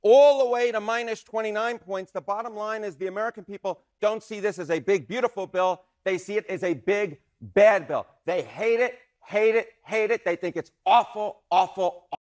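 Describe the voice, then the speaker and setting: A man's voice: high voice, a little fast, a little mellow. A man presenting poll numbers as a commentator, emphatic and repetitive for effect. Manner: emphatic, repeats words for effect. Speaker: news commentator. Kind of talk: energetic poll analysis segment.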